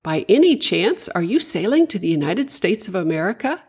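A woman voicing an eager, excited young male creature in a children's storybook, with raised, shouting greetings. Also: mid-range voice, moderate pace, slightly rough. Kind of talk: storybook voice acting.

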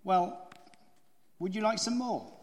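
A man's voice: high voice, slow. A stern fussy rabbit, read by a man. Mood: polite. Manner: stern and clipped. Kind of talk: storybook reading in a sermon. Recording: echoey hall.

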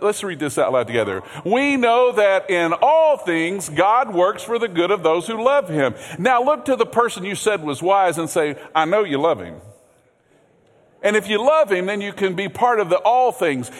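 A man preaching a sermon as pastor, earnest, repeating words, swinging from loud emphasis to hushed low passages. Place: church sanctuary. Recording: long hall reverb.

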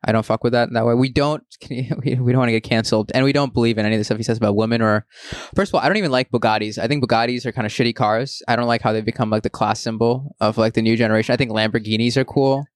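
A young man co-hosting a casual podcast, talking fast and bluntly with plenty of swearing. His pitch sits in the middle of the male range. The close microphone gives a dry sound with no room around it. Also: steady tone, no echo. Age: young adult. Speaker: podcast co-host. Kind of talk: casual chat.

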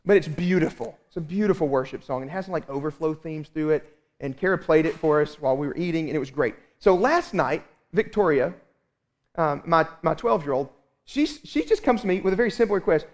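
Casting note: high-pitched male pastor, thirties, animated storyteller. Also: fairly quick. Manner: animated storytelling, acts out his own exasperation. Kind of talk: sermon.

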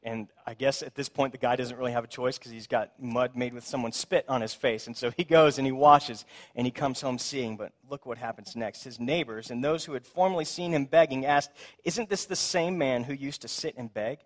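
A man preaching a sermon, telling the scripture story in a conversational, animated way and acting out the people in it. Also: mid-range voice, moderate pace. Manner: conversational, asks "right?".

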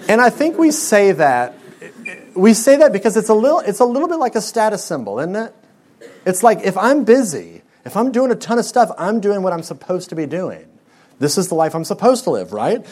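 A man's voice: on the high side, big pitch swings, brisk, a little mellow. A young man, giving a conversational sermon to students and asking them frequent rhetorical questions. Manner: conversational preaching with rhetorical questions and pop-culture stories. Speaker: speaker to a student audience.

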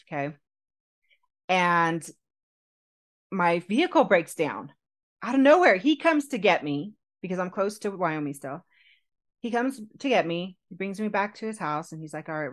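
A woman with a fairly low voice tells a personal story on a podcast. She is animated and chatty, and she laughs often. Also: normal speed, long pauses. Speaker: podcast co-host telling her proposal story. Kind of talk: casual storytelling chat.

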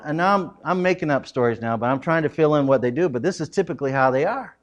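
A middle-aged man preaching a sermon, telling family stories in an animated way with frequent laughs. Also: on the high side, brisk. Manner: animated, laughing often, loud acted quotes. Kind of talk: humorous storytelling sermon.

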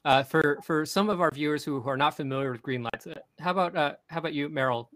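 A young man hosts a casual podcast, his voice bright and forceful and sitting a little high. He tells his story in an excited, rambling way, often restarting his sentences. The sound is dry and close. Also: fast talker, no room sound, low-quality recording. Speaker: podcast host.

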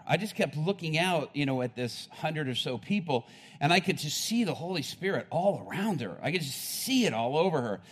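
A man with a voice on the high side preaches a sermon, telling a story with growing excitement, laughing often and building to loud peaks.

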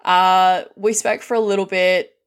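A woman's voice: medium pitch, unhurried, clear, resonant tone. Blunt, swearing Australian woman telling stories. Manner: blunt, heavy swearing, lively retelling with quoted dialogue. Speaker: podcast host. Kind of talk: casual storytelling monologue.

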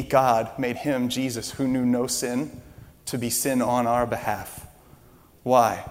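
A man preaching to his congregation, his mid-range voice trailing into a long hall reverb. He tells stories with animated energy, climbing in volume as he gets excited. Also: mid-range voice. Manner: animated storytelling, rising loud when excited. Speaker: pastor. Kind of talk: sermon.

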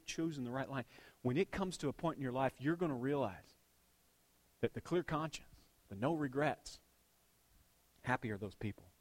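A middle-aged man preaching a sermon, swinging between loud bursts and hushed asides, with a dad's jokes about his daughter. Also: medium pitch. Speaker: pastor.

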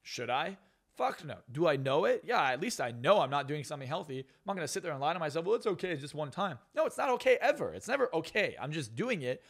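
A man's voice: a little high, very animated, fast talker. A young man, a guest on a podcast interview, talking bluntly with lots of swearing and emphatic jabs. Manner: profane, brash and emphatic. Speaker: guest, hypnotist and success coach.

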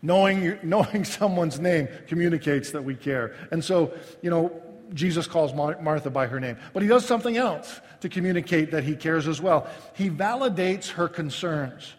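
A male pastor preaches in a high voice, chatty and self-deprecating, often halting and restarting his phrases. His words ring out with a long reverb, as in a large hall. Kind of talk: sermon.

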